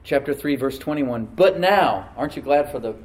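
A man's voice: medium pitch, fairly even intonation, quick pace, distant mic. Preaching man with a roomy echo. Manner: preaching with sudden loud surges and soft asides; calls for responses from the congregation. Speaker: pastor. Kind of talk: sermon.

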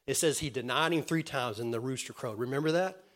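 A man preaching a sermon in an earnest way, with many restarts, moving from loud calls to the congregation to quiet retelling. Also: medium pitch, brisk. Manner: earnest, swings from loud calls to soft storytelling; stammering restarts.

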